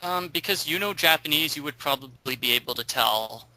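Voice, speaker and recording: Chatty guy rambling on a podcast, super bright voice, dry room, lots of ums. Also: on the high side, expressive, a little fast, dry recording, low-quality recording. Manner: chatty, digressive, thinks aloud with ums. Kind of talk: casual chat.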